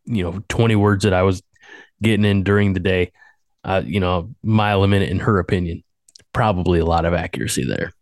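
A man with a lowish voice hosts a podcast, his sinuses a little congested. He rambles in a chatty, self-deprecating way, recorded on a dry, close mic. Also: steady tone, brisk, no echo. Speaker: podcast host. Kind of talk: casual podcast chat.

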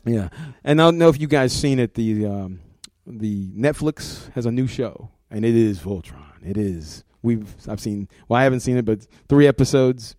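A man's voice: medium pitch, moderate pace, hardly any pauses, a little mellow, dry recording. A middle-aged man, a comics art director, talking casually in an interview, rambling and repeating words, laughing often.

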